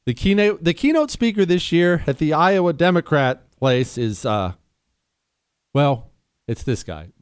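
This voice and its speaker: A man's voice: fairly high pitch, measured pace, clear, resonant tone. A man hosting a talk radio show, sarcastic and jokey, mixing opinion with ad reads. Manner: sarcastic, mocking, lively and jokey. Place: radio studio. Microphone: studio mic.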